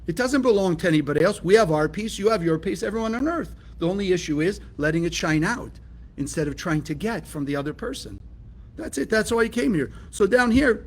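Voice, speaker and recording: A man's voice: high voice, a little hiss or hum. A man from California teaching a spiritual lesson, emphatic and often asking his listeners rhetorical questions. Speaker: Kabbalah teacher.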